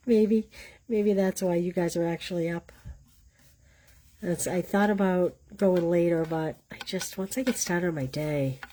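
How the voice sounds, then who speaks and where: A woman's voice: lowish voice, slow pace, pauses often, mellow. A woman with a Boston accent hosting a live card-stamping class, chatting and teasing herself while she explains each step. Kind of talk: live craft demonstration.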